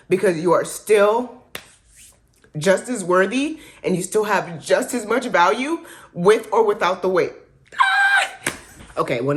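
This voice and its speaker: A young woman vlogger talking casually and candidly to her camera, encouraging her viewers in a slangy, heartfelt way. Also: fairly low pitch. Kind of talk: casual motivational talk to camera.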